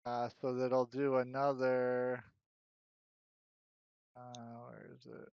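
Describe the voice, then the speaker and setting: A man's voice: mid-range voice, completely flat delivery, slow pace, gravelly, clear, resonant tone, no room sound. A man playing a tabletop game, working out his dice math aloud. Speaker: player. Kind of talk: casual tabletop game play. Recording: slightly muffled lo-fi audio.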